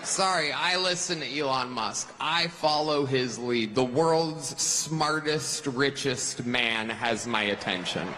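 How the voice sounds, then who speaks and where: A man's voice: medium pitch, slow pace, hardly any pauses, sharp tone, slight background noise, rough recording. A man performing a mocking stand-up set at a rally in a large arena. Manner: mocking punchline delivery. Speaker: stand-up comedian.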